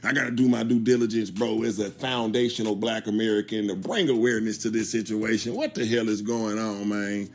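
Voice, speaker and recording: A man's voice: on the low side, level tone, brisk, hardly any pauses, a little mellow. Casual man hosting street commentary. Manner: conversational, repeats 'bro' and 'you understand me'. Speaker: YouTube commentary host.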